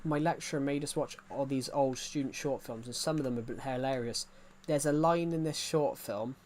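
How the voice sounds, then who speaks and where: Casual live-stream chatter comes from a young English gaming streamer whose voice is medium in pitch, a touch mellow and at normal speed. He wanders from thought to thought, often restarting and using fillers.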